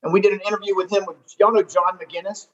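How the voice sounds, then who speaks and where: A high-pitched man with a drawl tells a rambling, animated story, often restarting his sentences. The recording sounds dull and lo-fi, like a muffled podcast feed. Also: fast talker. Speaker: golf tournament director. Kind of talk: casual storytelling interview.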